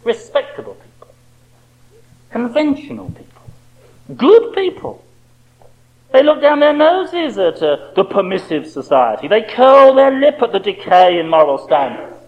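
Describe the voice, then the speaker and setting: A man's voice: very high-pitched, sing-song, unhurried, vocal fry, muffled recording. A man preaching a sermon with impassioned rhetorical questions.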